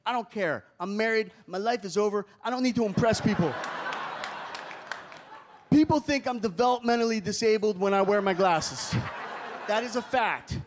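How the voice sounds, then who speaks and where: A man performing a stand-up comedy set on a club stage, animated and shouting some lines. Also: high-pitched, moderate pace, long pauses. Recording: club crowd laughter and room noise.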